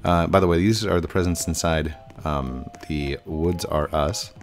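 A man's voice: sits low, steady tone, a little slow, soft background music. A young man hosting a gaming video, chatting casually over his gameplay with frequent ums and uhs. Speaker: gaming channel host.

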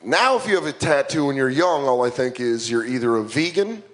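A man's voice: mid-range voice, animated, fairly quick, fairly bright tone. A young man in his twenties performing a stand-up comedy set, self-mocking and punchy.

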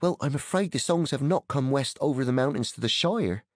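A man reading an audiobook, voicing a young, polite male hobbit who speaks rapidly and coaxingly. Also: mid-range voice, expressive, dry recording, studio quality, lightly acted.

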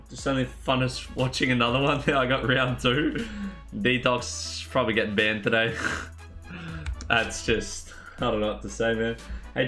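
A man's voice: medium pitch, a bit bright. A man streaming a video game, chatting casually with his live chat, reading messages aloud and laughing often.

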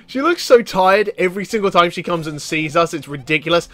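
A man commenting excitedly on a video game, often reading character lines aloud. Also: high voice, normal speed. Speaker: gaming YouTuber. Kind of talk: let's play commentary. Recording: faint background game music.

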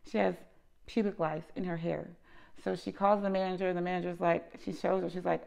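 A woman who runs a lice treatment business, telling an animated, emphatic storytime vlog and often tagging her points with "okay?". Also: lowish voice, moderate pace, vocal fry, highs cut off.

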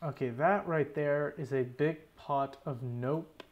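A man's voice: a little high, slow pace, lo-fi sound. A young man giving running commentary over his own gameplay, swearing often and talking to himself in exasperation. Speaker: gaming YouTuber.

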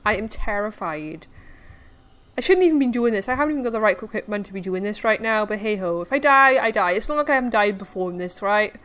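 Animated and quick, a young woman with a medium, slightly bright voice comments on her let's play, jumping and squealing at scares while teasing herself.

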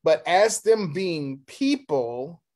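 A man, a pastor, teaching a Sunday school Bible lesson, reading scripture aloud and explaining it in a deliberate, halting way with pauses and restarts. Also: on the high side, very animated, a little mellow.

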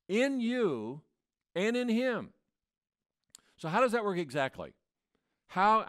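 A man's voice: high-pitched, smooth. A man preaching a sermon as pastor, in a conversational way that acts out the voices he quotes. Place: church.

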